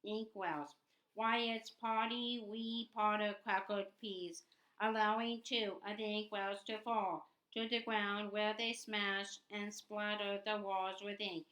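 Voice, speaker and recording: A woman's voice: mid-range voice, slow pace, rough recording. A woman reading a story aloud, often stumbling and repeating words as she goes. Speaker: audiobook reader. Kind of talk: unrehearsed read-aloud narration. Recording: steady background noise.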